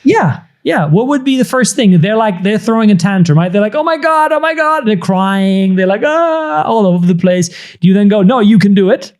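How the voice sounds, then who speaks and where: This man, a business coach in his thirties, moves fairly quickly with few pauses and a mellow sound. Explaining ideas conversationally, he acts out inner voices with sudden shrill bursts.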